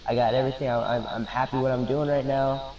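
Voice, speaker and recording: A young man tells a long, rambling story over voice chat during a game. His pitch sits in a plain middle range, and he sounds set back from his microphone. He laughs easily and slips into the voices of the people he quotes. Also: fairly even intonation, quick pace, darkish tone, far from the mic, lo-fi sound, a little hiss or hum. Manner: rambling, laughs often, acts out quoted lines. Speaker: gamer telling a story. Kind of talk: casual storytelling while gaming.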